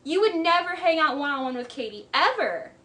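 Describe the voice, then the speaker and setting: A woman's voice: high-pitched, very animated, fairly quick, sharp tone. A woman giving casual, emphatic commentary on a reality TV episode, often exasperated and mimicking the people she quotes.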